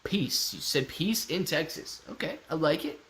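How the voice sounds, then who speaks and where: A man's voice: a little high, moderate pace, fairly bright tone. A man hosting a casual livestream, playfully reading chat messages aloud and stumbling through tongue twisters. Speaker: livestream host.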